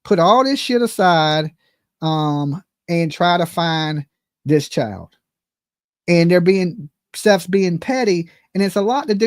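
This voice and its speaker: A man's voice: sits high, dry recording, studio quality. A man hosting a live commentary stream, ranting bluntly and profanely at the people he talks about. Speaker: livestream commentary host.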